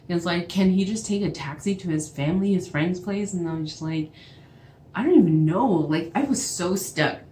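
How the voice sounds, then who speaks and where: Young Navajo woman, storytime vlogger, low voice, animated retelling in a roomy space. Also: moderate pace, hardly any pauses. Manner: animated retelling, acts out both sides of calls. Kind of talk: storytime vlog. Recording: echoey room with faint background noise.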